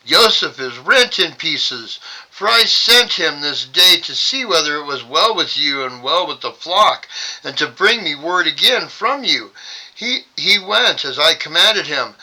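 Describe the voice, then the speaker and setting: Man reading as a grieving old father, lamenting, mournful, bright sharp voice, slightly high. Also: heavily acted, poor audio. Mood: anguished. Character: grieving old father crying over his son.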